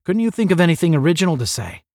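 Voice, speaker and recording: A man's voice: very animated, racing, gravelly, a little mellow, dry recording, studio quality. A man reading as a stern, sarcastic space captain. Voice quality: deep. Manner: barking, clipped commands.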